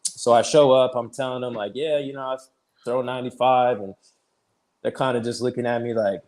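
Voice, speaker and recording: A man in his thirties, a pitcher guest on an interview show, telling his story casually, peppered with "like" and easy laughs. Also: steady tone, brisk, darkish tone. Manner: chatty, fills speech with "like", retells conversations; laughs easily while telling stories.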